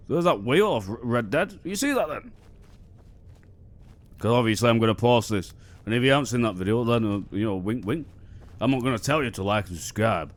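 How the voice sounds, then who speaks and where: A man's voice: mid-range voice, lively intonation, a little fast. A young man giving casual, rambling commentary on his gameplay, joking and swearing freely, into a desk microphone. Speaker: gaming video host. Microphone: desk microphone on a magnetic mount.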